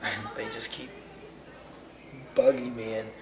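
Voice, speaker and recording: A man's voice: medium pitch, flat delivery, takes it slowly. A man delivering a rambling, conversational spoken-word rant over a music track. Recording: roomy echo over loud music.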